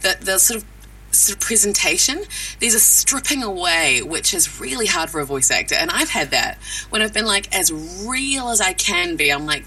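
A woman voice actor chats in an interview, her pitch rising and falling freely. Her voice is bright and forward, and she sounds a little distant from the mic, with faint room noise behind her. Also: moderate pace. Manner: animated, chatty, many fillers. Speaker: voice actor, guest. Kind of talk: casual interview talk.

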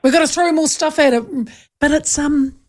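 A woman hosting a talkback radio show, chatty and emphatic, quick to agree with callers. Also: high voice, fairly even intonation. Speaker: talk radio host. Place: radio studio.

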